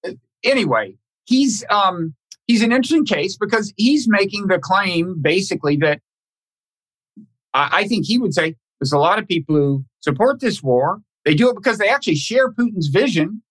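A man hosting a podcast conversation, talking in a halting, thoughtful way with many restarts and repeated words. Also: sits high, lively intonation, a bit bright. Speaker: podcast host. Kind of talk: casual conversational interview.

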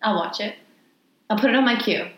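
A woman's voice: medium pitch, fairly quick, a bit bright, echoey room. A woman with a Texan accent, co-hosting a podcast and telling a story in casual chat, swearing freely and laughing often. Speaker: podcast co-host.

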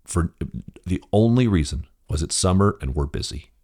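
A man in his fifties hosting a business podcast, telling a family story with quoted dialogue, talking casually and restarting often. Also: normal speed. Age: 50s. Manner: storytelling, acts out quoted dialogue with animated pitch jumps; frequent restarts and fillers, addresses the listener directly. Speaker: podcast host. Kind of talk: conversational business talk.

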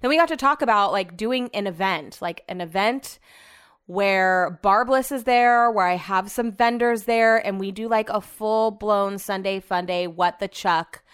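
A woman's voice: mid-range voice, a bit bright, smooth. A young woman hosting her own podcast, telling rambling, self-deprecating stories in a casual chat. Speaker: podcast host. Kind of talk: casual solo podcast monologue.

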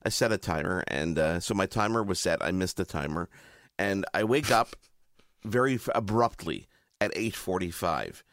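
A man's voice: low-pitched, lively intonation, normal speed, a bit bright, no room sound, clean studio sound. A man on a podcast telling a funny story in casual chat, acting out his own panic. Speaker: podcast co-host.

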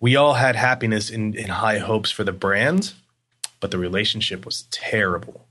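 Guy on a podcast rambling through stories, kinda low voice, lots of ums. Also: normal speed. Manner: rambling, animated storytelling with frequent fillers. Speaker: agency guest. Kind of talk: casual interview talk.

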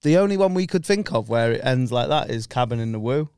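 A man's voice: medium pitch, expressive, fast, a little mellow, clean tone, no echo, studio quality. A man, a stand-up comedian guesting on a podcast, chatting casually, rambling, swearing freely and laughing often. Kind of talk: casual banter.

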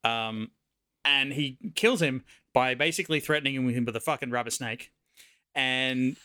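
Dry-humored man with a bright voice. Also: mid-range voice, unhurried, smooth. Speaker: podcast co-host. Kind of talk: casual film discussion.

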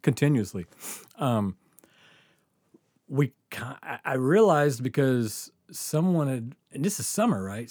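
A man's voice: medium pitch, expressive, a little slow, darkish tone, no echo, clean studio sound. A man telling a rambling, laugh-filled story as a podcast guest, swearing freely and stumbling over his words. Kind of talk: casual storytelling.

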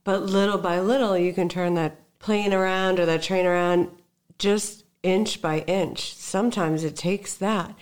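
A woman host with a fairly low-pitched voice, leading a relaxed interview. She speaks like a dating coach, encouraging and reassuring, and turns her guest's stories into advice for listeners. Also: a little slow, clear, resonant tone. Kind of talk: casual interview chat.

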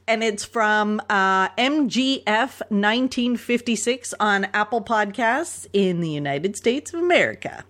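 A woman's voice: medium pitch, lively intonation, unhurried, hardly any pauses, fairly bright tone. A Canadian woman co-hosting a podcast in casual chat, chatty and laughing often. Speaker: podcast co-host.

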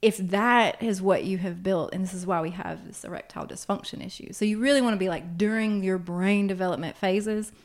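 A woman's voice: medium pitch, fairly quick, hardly any pauses. A woman who counsels teens, talking frankly and with animation in casual podcast chat, with laughing asides.

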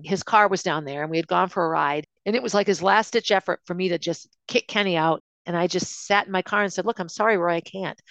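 A woman's voice: on the low side, fairly bright tone, no echo. A woman hosting a podcast, telling her own life story in an emotional, confiding way that often restarts mid-sentence. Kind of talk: personal storytelling monologue.

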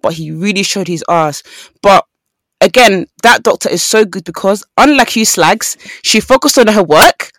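With a medium-pitched voice at normal speed, this young woman co-hosts a podcast in a casual, chatty way. Her storytelling is lively, with quoted lines voiced out. There's no echo on the audio.

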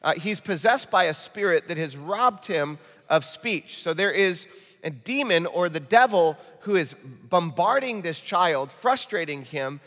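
Midwestern pastor preaching in an echoing hall. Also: male voice, high voice, unhurried. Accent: Midwestern American. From Michigan. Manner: animated, jokey storytelling preacher. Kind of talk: sermon. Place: church auditorium. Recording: reverberant church hall.

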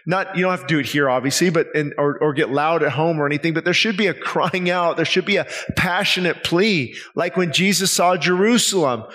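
A man's voice: a little high, fairly quick, hardly any pauses, a bit bright. A man preaching an evening sermon in church, earnest and pleading, asking his listeners many rhetorical questions. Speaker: pastor. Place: church service.

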